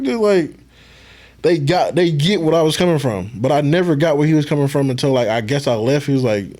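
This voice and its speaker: Relaxed male podcast guest, former football player, loose storytelling. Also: a little high, quick pace. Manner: laid-back, swears casually, acts out quotes. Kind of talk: casual storytelling.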